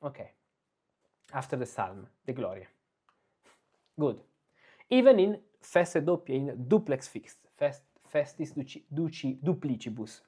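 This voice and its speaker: Slow-talking man teaching chant. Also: mid-range voice, big pitch swings, warm tone, husky. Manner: explains slowly, breaks into sung Latin chant phrases. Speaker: music teacher. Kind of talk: spoken lesson with sung chant examples. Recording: slightly dull, lo-fi recording.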